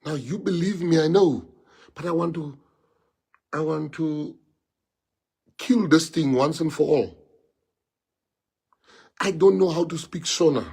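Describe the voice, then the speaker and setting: A man's voice: fairly high pitch, measured pace, vocal fry, long pauses, a little mellow, slightly rough. A middle-aged South African man with a South African accent, giving an impassioned speech and often repeating and restarting phrases to press his points. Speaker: public speaker.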